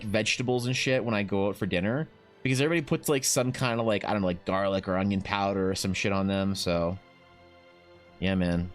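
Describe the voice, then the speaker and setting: A man chatting casually on a livestream, rambling with lots of fillers and casual swearing, reading chat and talking to his dog. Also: lowish voice. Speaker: art streamer.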